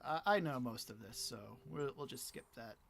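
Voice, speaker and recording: A man streaming a video game in a playful, giggly way who swings between quiet muttering and excited outbursts. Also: mid-range voice, moderate pace, slight background noise. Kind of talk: casual gameplay commentary.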